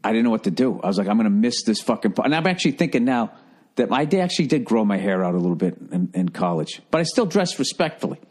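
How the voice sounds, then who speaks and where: A man's voice: mid-range voice, big pitch swings, quick pace, darkish tone, slightly rough. A man hosting a comedy podcast, telling a rambling, profane story in a casual monologue. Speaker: podcast host.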